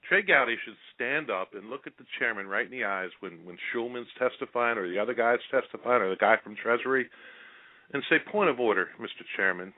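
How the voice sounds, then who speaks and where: Man, talk show host, blunt and rambling, mid-pitched voice, phone-like audio. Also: fairly quick. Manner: blunt, rambling, repeats words. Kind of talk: casual political talk. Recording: phone-like lo-fi sound.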